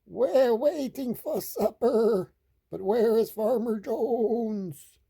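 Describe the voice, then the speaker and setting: A woman voicing a flock of hungry farm sheep in a high, bleating sing-song for a storybook. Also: extremely slow, gravelly, warm tone, breathy edge, heavily acted. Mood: plaintive.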